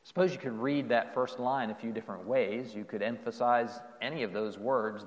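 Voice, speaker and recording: A man preaching a sermon earnestly, asking rising questions and letting phrases fall away softly. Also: medium pitch, moderate pace, few pauses, lo-fi sound. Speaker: pastor. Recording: long reverb of a hall.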